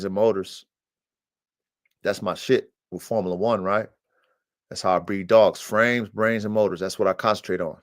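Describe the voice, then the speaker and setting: A man hosting a podcast about breeding dogs, telling a story in a casual, profane way and swinging into loud, high-pitched outbursts. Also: smooth, no echo, clean studio sound. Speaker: podcast host and dog breeder.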